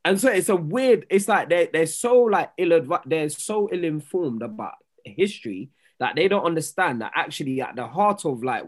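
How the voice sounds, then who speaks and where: A man hosts a podcast with a voice a bit on the high side. He argues his point in an animated, casual way and laughs often. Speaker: podcast host.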